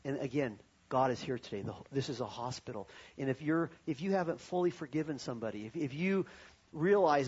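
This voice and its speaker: A man's voice: medium pitch, expressive, a little fast, a little mellow, breathy edge, dull audio. A pastor preaching a sermon to his congregation, telling a personal story and then rising to fervent preaching.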